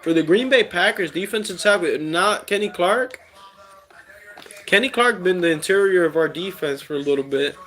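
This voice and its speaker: A man hosting a casual live stream, reading chat aloud in a relaxed way with many fillers. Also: sits high, normal speed. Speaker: streamer host.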